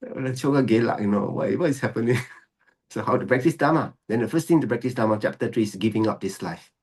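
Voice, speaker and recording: A male Buddhist monk with a medium-pitched, slightly mellow, husky voice talks fast while giving a dharma teaching. He repeats key phrases for emphasis, mixes Mandarin phrases into his English, and laughs often.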